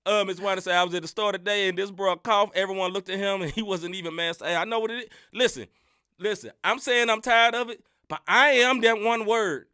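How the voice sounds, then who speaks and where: A man's voice: high-pitched, brisk, clean tone, dry recording, studio quality. A man co-hosting a sports podcast, ranting in casual slang and laughing often, a bit under the weather with a sinus infection. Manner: animated, laughing rants full of slang. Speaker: podcast co-host. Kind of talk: casual sports-show chat.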